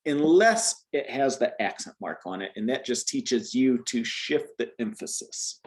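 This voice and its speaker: In a measured, animated mid-range voice, a man from the United States guides a single student through beginner Spanish. His explanations are patient, though he frequently starts over.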